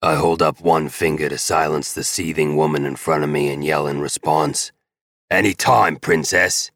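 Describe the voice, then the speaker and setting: A man's voice: very deep voice, monotone, normal speed, dry recording, clean studio sound. A man narrating a romance audiobook in the first person, blunt and swearing freely.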